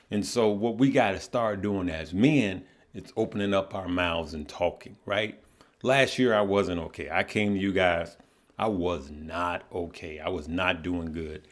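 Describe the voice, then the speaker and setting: A middle-aged man with a fairly low voice hosts a casual livestream. He speaks earnestly and haltingly, repeating words as he talks to his viewers. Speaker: livestream host. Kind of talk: casual heartfelt livestream talk.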